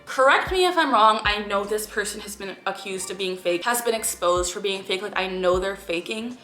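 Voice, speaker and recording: A young woman reacts to a clip in earnest, frustrated casual talk, often letting out sighing groans. Her voice is bright and tense. It rings in an echoey room with faint music behind. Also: medium pitch, moderate pace. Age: young adult.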